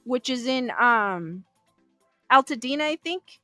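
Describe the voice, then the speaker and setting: Chatty woman livestream host, high and bright, dry close sound with faint music behind, reading chat and musing aloud. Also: lively intonation, slow pace, no room sound. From Southern California. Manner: chatty, laughs often, thinks aloud with fillers. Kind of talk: casual live chat.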